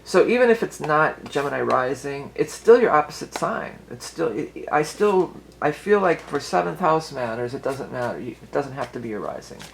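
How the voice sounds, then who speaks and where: A woman's voice: deep voice, big pitch swings, normal speed, gravelly, hardly any pauses, a little hiss or hum, rough recording. A woman giving a casual tarot and astrology reading for her viewers, chatty and rambling, often restarting her sentences and laughing easily.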